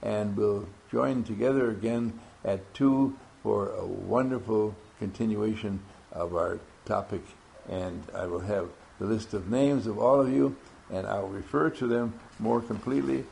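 A man's voice: lowish voice, measured pace, creaky, few pauses, dark tone, slight background noise. A man leading a workshop, calling out names to his group and teasing them playfully. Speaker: workshop leader taking roll call. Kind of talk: classroom talk to a group.

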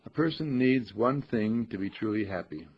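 An older man giving a rambling, folksy spoken reflection, repeating phrases and clearing his throat now and then. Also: lowish voice, animated, moderate pace, a little hiss or hum. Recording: dull lo-fi recording.

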